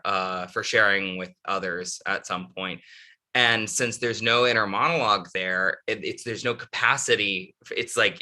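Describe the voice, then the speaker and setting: A man's voice: lowish voice, sharp tone. A man, an author and podcast guest, telling a travel story in a rambling, casual way with many restarts.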